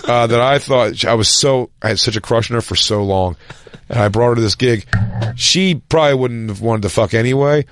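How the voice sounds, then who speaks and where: A man's voice: medium pitch, fairly quick, slight background noise. A man telling profane comic road stories in casual podcast chat, acting out the quotes. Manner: profane, animated storytelling with acted-out quotes.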